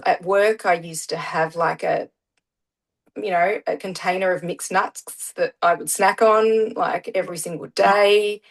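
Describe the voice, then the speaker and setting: Aussie mum chatting in an interview, lowish voice, lots of ums, middle-aged. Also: female voice, a bit bright, poor audio. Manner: chatty, many "um" fillers. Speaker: guest, parent. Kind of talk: casual interview storytelling.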